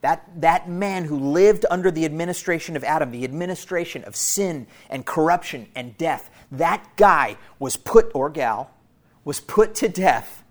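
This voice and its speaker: A man's voice: fairly high pitch, moderate pace. Earnest male preacher. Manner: earnest, repeats key phrases for emphasis; addresses listeners directly as church and family. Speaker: pastor. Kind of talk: sermon.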